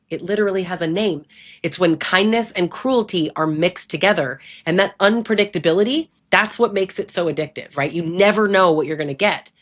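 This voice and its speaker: Host-style woman, slightly low voice, direct and emphatic, talking frankly to her viewer. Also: a bit bright. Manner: emphatic, blunt, conversational with frequent "right?". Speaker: relationship abuse educator. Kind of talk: direct-to-camera advice talk.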